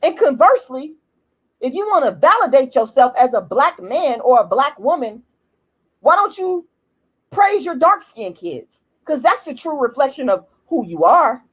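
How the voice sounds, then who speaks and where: A woman's voice: sits high, sing-song, moderate pace. A woman with an African American English accent, ranting to camera in a blunt, profane, heated and repetitive way. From United States. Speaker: YouTube commentator. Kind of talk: emphatic personal rant to camera.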